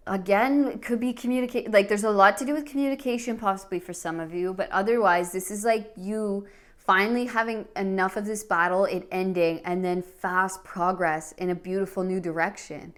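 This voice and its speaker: A woman's voice: medium pitch, normal speed. A woman giving a pick-a-card tarot reading, talking in an earnest, emotional way with many fillers and restarts. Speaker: tarot reader.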